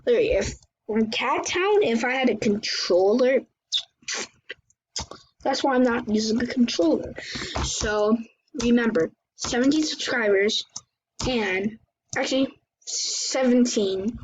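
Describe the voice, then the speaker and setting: Excitable gamer woman, slow and high. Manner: excitable, chatty, often exclaiming and apologizing. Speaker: gaming channel host. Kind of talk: live gameplay commentary. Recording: dull lo-fi recording with faint hiss.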